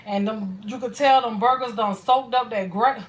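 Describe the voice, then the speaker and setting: A woman's voice: a little high, moderate pace, slightly rough. A woman chatting folksily while cooking on a live stream, calling her viewers child and honey. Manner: folksy and chatty, full of endearments.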